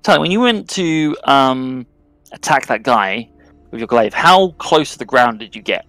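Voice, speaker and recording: A man narrating as game master of a tabletop game, describing scenes in a relaxed way with many fillers. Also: medium pitch, moderate pace, no room sound, faint music behind, poor audio.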